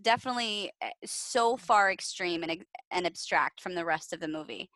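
A woman's voice: on the low side, moderate pace, fairly bright tone, no echo, poor audio. A woman co-hosting a podcast in casual chat, rambling, with lots of fillers. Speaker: podcast co-host.

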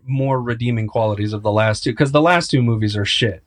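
A man's voice: mid-range voice, fairly quick. A man in a casual podcast chat about a movie, talking emphatically and with exasperation, swearing as he goes.

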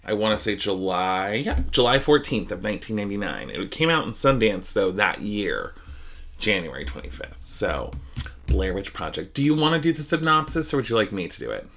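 A young man from Idaho hosting a casual movie podcast, chatty and quick to laugh. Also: fairly low pitch, big pitch swings, fairly bright tone. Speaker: podcast host. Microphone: headphones and podcast mic.

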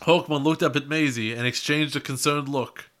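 A man's voice: fairly high pitch, fairly even intonation, normal speed, fairly bright tone. A man co-hosting a podcast, reading a story aloud and breaking off to tease his co-host, laughing mid-sentence.

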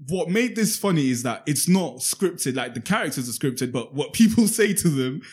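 A young man with a slightly raised voice, chatting casually among friends. He tells a story in a lively way, full of slang. His delivery is loose and animated. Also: fairly high pitch, moderate pace, slightly rough. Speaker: podcast co-host. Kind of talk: casual chat.

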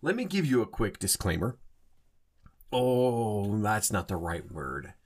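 Low-voiced man rambling on a podcast. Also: very animated, slow. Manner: rambling, often rephrases and self-corrects. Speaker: podcast host. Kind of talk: casual solo podcast monologue.

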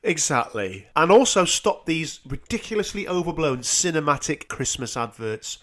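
Lively, animated man. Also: on the high side, normal speed. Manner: animated, sweary, laughs easily. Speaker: podcast co-host. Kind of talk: casual music chat.

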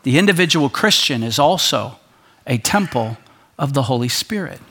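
A male pastor preaching a sermon, animated, acting out quoted voices and dropping to a soft low voice for emphasis. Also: normal speed, husky.

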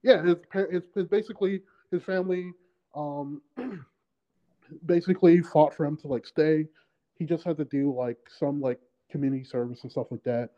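A man's voice: on the high side, moderate pace. Rambling man on a lo-fi podcast. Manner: rambling, many fillers and restarts. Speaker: podcast co-host. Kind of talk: casual chat.

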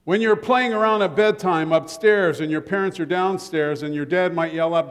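A man's voice: high voice, normal speed, hardly any pauses, clean tone. An older man preaching a sermon as pastor, telling humorous stories and joking with his congregation. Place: church sanctuary. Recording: long church reverb.

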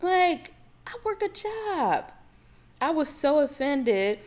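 A woman hosts her own podcast and tells a story from her life in a loose, chatty voice that sits fairly high. She keeps dropping in "you know" and plays up the drama as she retells it. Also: very animated, slow. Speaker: podcast host. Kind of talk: casual storytelling.

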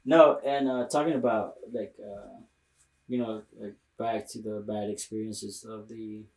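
A young man with a gravelly, low voice rambles through a casual podcast chat, packing his talk with fillers, slang and swearing. He sits back from the mic, so he sounds distant and roomy. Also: fairly even intonation, a little slow, darkish tone. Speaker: podcast co-host.

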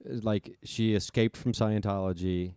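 Rambling, profane man with smooth lowish voice. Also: fairly even intonation, measured pace, mellow, no room sound, clean studio sound. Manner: rambling, profane, self-deprecating. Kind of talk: casual chat, storytelling.

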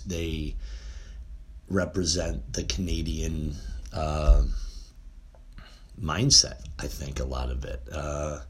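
A middle-aged man talking casually and at length, rambling with frequent "uh" fillers and restarts. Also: rumbling low. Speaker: music fan reminiscing. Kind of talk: casual monologue.

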